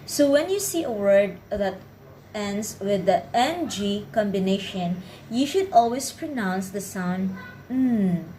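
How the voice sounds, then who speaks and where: A woman narrates a pronunciation lesson. She takes her time, shaping each word slowly and precisely. Her pitch sits mid-range, and a faint hiss of noise runs behind her. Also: lively intonation, dark tone, low-quality recording. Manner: slow, careful, clearly enunciated delivery. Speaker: pronunciation teacher. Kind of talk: scripted instructional narration.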